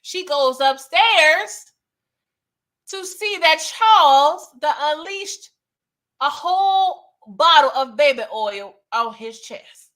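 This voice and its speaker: A woman recapping a TV episode in a loose, chatty way, full of slang and asides to her viewers. Her voice sits a little high and has a bright, forceful edge. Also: lively intonation, slow pace. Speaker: TV recap host.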